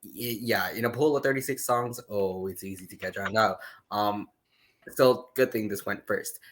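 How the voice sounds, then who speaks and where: A man co-hosting a podcast, talking in a relaxed, casual way with some hesitations. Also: on the low side, moderate pace, slight background noise. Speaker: podcast co-host.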